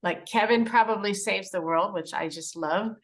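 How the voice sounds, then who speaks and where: A woman's voice: mid-range voice, normal speed. Lady interviewer, friendly and giggly, takes her time asking stuff. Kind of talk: casual interview questions.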